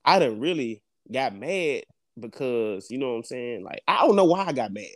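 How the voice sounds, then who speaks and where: A young man of medium pitch and moderate pace tells a story while co-hosting a podcast, in studio-quality audio with no echo. The chat is casual and animated, and he swears and laughs often.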